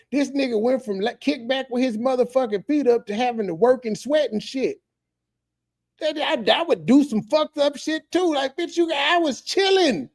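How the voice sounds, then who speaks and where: A man's voice: very high-pitched, a little mellow. A male streamer reacting to clips and ranting profanely at a viewer in chat, heated and preachy, drawing out words for emphasis. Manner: heated, preachy, addresses a chatter directly. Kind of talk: profane casual rant.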